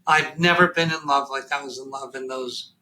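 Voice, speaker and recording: A man telling a deeply personal story as a podcast guest, halting and emotional, near tears, with many fillers and restarts. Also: steady tone, bright, forceful tone, rough recording.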